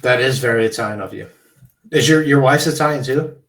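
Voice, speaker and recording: A man's voice: mid-range voice, brisk, fairly bright tone. Chill guy guesting on a podcast, joking and swearing, roomy echo on him. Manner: laid-back, joking, profane. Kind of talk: casual chat.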